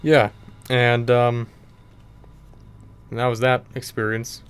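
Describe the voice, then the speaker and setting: A man's voice: medium pitch, flat delivery, slow, clean tone. A young man hosting a gaming channel, telling a story casually over gameplay, in a rambling way with lots of filler words.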